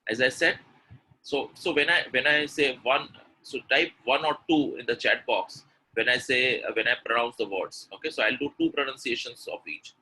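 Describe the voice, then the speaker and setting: A man's voice: medium pitch, normal speed, sharp tone, slightly rough, poor audio. A man teaching pronunciation in a live webinar, quizzing the audience with word pairs and praising their answers. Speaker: English pronunciation coach.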